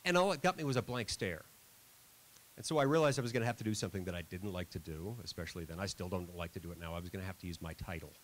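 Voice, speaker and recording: A man's voice: low voice, racing, fairly bright tone, a little hiss or hum, rough recording. A middle-aged man giving a school assembly speech, telling a self-deprecating story with dry humor. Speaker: senator.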